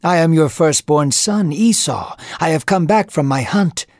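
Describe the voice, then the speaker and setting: A man's voice: on the high side, lively intonation, measured pace, dry recording, studio quality, voice pushed up. A man voicing a grieving elder brother who pleads and threatens in a raised voice. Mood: insistent.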